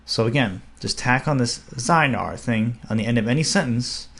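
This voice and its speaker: A young man giving a casual, upbeat video lesson, slowing down to spell out words. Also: mid-range voice, a bit bright. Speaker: language teacher.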